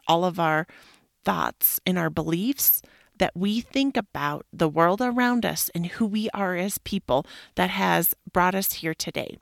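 A woman hosting a podcast, talking candidly about her own life in a frank, animated way, swearing casually and using lots of "like" fillers. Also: lowish voice, gravelly, no echo, studio quality. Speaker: podcast host. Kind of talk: candid personal monologue.

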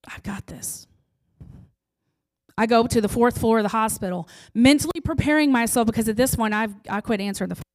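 A woman giving an emotional personal testimony in an earnest storytelling manner, pausing for effect and sometimes dropping to a near-whisper. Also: fairly high pitch. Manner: intense and heartfelt, with dramatic pauses.

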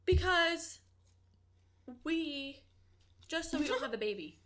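Animated, bright young woman, emotional podcast co-host. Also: sits high, slow pace. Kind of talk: casual chat.

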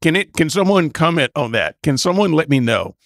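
A man giving a sarcastic, deadpan reaction commentary and mocking what he hears. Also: a little high, a little fast, creaky, dry recording, clean studio sound.

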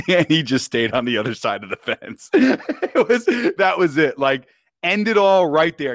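A man tells a story as a podcast guest in a casual, slangy way, keeps checking in with his listener. His voice sits a bit high and swings widely as he gets worked up. The sound is dry and close, with no room around it. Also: unhurried, no room sound. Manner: animated, slangy, keeps saying "bro" and "you know what I mean".

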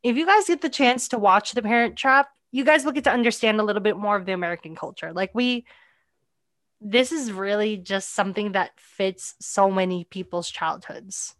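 A woman's voice: medium pitch, moderate pace, fairly bright tone, no echo. Young woman, podcast host, casual chat, filler-heavy, dry close sound. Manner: chatty, lots of "like" fillers. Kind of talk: casual chat about a movie.

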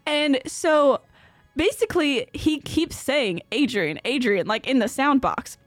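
A woman's voice: high-pitched, lively intonation, slow, no echo, soft background music. Chatty young woman telling a ghost story. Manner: rambling, laughs often, many "like" fillers. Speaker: podcast co-host. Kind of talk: casual chat, storytelling.

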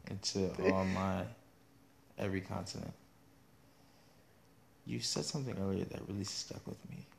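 Male podcast host, playful and teasing, gravelly voice. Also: deep voice, steady tone, moderate pace, background noise. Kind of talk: casual podcast chat.

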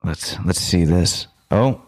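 Young guy with a lowish voice riffing on a podcast, goofy and jokey, keeps dropping into silly bits. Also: lively intonation, moderate pace, a little mellow, no echo. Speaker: co-host. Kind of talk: casual podcast banter.

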